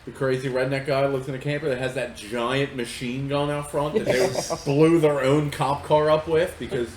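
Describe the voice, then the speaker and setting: A man's voice: medium pitch, steady tone, moderate pace, a little mellow. A man co-hosting a casual podcast chat, laid-back and profane, chiming in. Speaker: podcast co-host. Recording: echoey room with faint noise.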